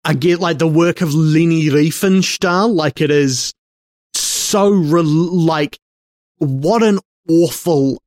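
A male co-host picks apart a film in relaxed conversation, taking his time over every thought. His delivery is halting and wry, and his voice sits a touch high for a man. The recording is close and dead, with no room sound. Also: no echo. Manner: halting, searching for words, wry. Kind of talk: casual film discussion.

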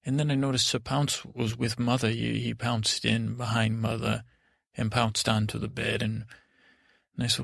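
A man narrates a bedtime story in character, halting and meandering, stumbling over his words and starting again. His voice carries a very heavy gravelly fry. It is recorded close on a podcast mic, bone-dry with no room sound. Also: mid-range voice, little pitch movement, no echo. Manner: halting, meandering, full of stammers and restarts.

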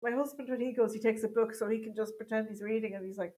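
A middle-aged Irish woman, a stand-up comedian chatting in an interview, self-mocking and quick to laugh. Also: a little high, fairly even intonation, dark tone, rough recording. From Ireland. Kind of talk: casual interview chat.

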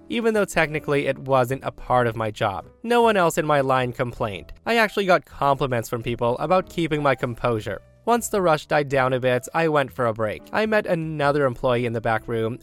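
A man hosting a channel, narrating reader stories in a casual, lively, chatty way and speaking to listeners as guys. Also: mid-range voice, clean tone. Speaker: story narrator, channel host.

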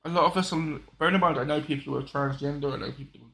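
Man, fairly high voice, casual podcast chat, rambling, restarts a lot, says sorry often. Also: steady tone, rapid-fire, creaky, sharp tone. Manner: rambling, restarts sentences, apologetic asides.

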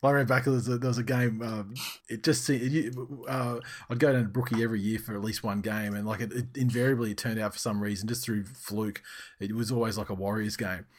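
A man's voice: lowish voice, fairly even intonation, fairly quick. A man hosting a casual sports podcast, talking loosely and reading out team news. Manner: loose and chatty, swears, reads out team news. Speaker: podcast host.

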